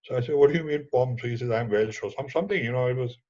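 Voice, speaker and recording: A middle-aged man with an Indian accent, a documentary filmmaker telling a lively story in conversation and mixing in Hindi words and casual swearing. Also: medium pitch, racing. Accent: Indian English. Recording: dull lo-fi audio.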